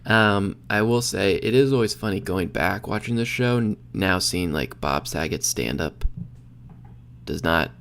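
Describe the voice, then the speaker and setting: A young man co-hosting a podcast, casually recapping a sitcom episode with animated retellings and quick acted-out quotes. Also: sits low, gravelly, slight background noise. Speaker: podcast co-host.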